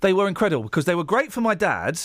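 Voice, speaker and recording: A man's voice: high-pitched, sing-song, very fast, a bit bright, no room sound, clean studio sound. A man hosting a radio show in a casual, rambling, emotional way. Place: radio studio.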